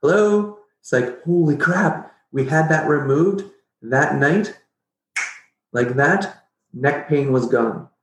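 Animated storytelling man, roomy sound. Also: on the high side, takes it slowly, a little hiss or hum. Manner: animated, jokey, acts out his own past reactions. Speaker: podcast guest. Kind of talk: casual storytelling interview. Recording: roomy echo.

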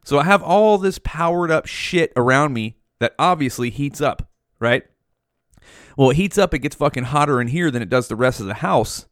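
A man's voice: fairly high pitch, lively intonation, moderate pace, a bit bright, no echo, studio quality. A man in his forties hosting a solo podcast, ranting heatedly with constant swearing, talking right up against the microphone in a small room at home. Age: 40s. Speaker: podcast host. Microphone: mouth right up against the mic.

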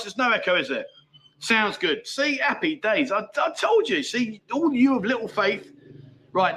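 Bright, high-voiced chatty man. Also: slight background noise. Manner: chatty, cheeky banter, reads out viewer comments. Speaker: livestream host. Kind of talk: casual livestream chat.

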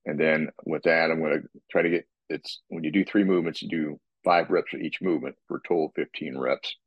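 A man talking casually about his workout, rambling and restarting his sentences and clearing his throat often. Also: very deep voice, fairly even intonation, a little fast, no room sound, dull audio. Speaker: guest describing his workout. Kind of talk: casual podcast talk.

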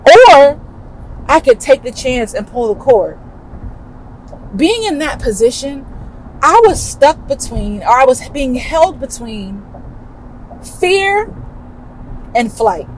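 A woman podcast host tells a personal story in an animated, emphatic, chatty way. Her voice sits somewhat high for a woman. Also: slow pace, pauses often, a little hiss or hum, rough recording.

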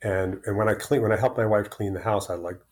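A man's voice: fairly low pitch, steady tone, quick pace, a little mellow. Frank older man in his sixties. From Florida. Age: 60s. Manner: frank, self-deprecating, repeats words when starting sentences. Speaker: guest. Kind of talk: candid interview conversation.

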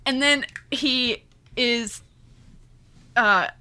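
A woman's voice: fairly high pitch, drawn-out words, pushed and bright, smooth. A woman hosting a podcast, gushing through a chatty book recap with many fillers. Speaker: podcast host. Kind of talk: casual book chat.

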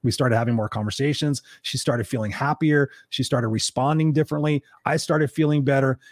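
A man's voice: medium pitch, fairly even intonation, a little fast, dry recording, studio quality. A middle-aged man hosting a livestream, talking earnestly and emphatically about relationships and reading out viewer comments. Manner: earnest, emphatic, quotes others in a raised voice. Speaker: livestream host. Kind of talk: motivational livestream talk.

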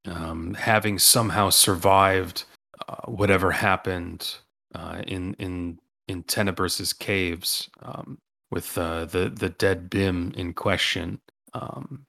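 A man's voice: low voice, creaky, pushed and bright. A man running a tabletop role-playing game as game master, rambling with many ums and restarts.

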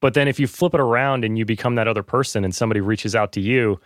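A man's voice: mid-range voice, fast, no room sound. Earnest podcast guy, lots of likes and you knows, dry close mic. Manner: earnest, many fillers. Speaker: podcast host, guest. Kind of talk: casual conversation.

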